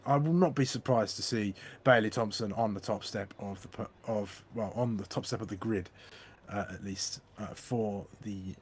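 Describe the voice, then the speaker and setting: A man's voice: on the low side, moderate pace, breathy edge. A man as co-commentator on a sim race, giving loose analysis with many restarts. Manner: rambling analyst talk with hesitant restarts.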